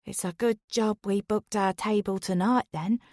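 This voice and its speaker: A woman's voice: medium pitch, steady tone, moderate pace, a little mellow, dry recording, clean studio sound, natural voice. A woman voicing a cheerful, chirpy middle-aged mother in an audiobook.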